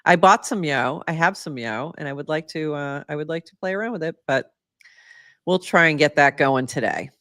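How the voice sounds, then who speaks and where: A woman with a low-pitched voice chats casually as a podcast co-host. She talks in a playful, easygoing way and laughs readily. The sound is dry and close, with no room echo. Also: fairly bright tone. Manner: chatty, playful, quick to laugh. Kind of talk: casual chat.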